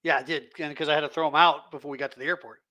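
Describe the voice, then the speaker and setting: A man co-hosting a podcast, chatting casually and tossing in quick reactions to his partner's stories. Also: fairly high pitch, steady tone, sharp tone, slight background noise. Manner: chimes in with short reactions and quips. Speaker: podcast co-host. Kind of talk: casual chat.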